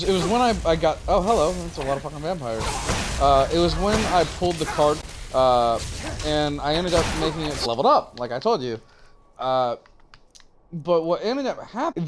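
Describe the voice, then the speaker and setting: Young guy streaming, rambly and swears a lot, voice goes all over the place, bit high. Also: slight background noise. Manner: rambling, profane, animated storytelling. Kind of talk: casual chat while gaming.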